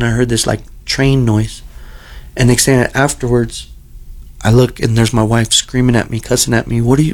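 A middle-aged man telling a long personal story in an earnest, rambling way, often repeating himself. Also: medium pitch. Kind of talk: casual storytelling.

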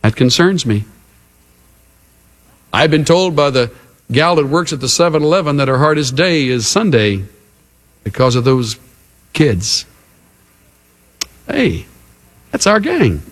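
A middle-aged male pastor preaching a sermon in an earnest way, with unhurried, emphatic pauses. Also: a little high, sing-song.

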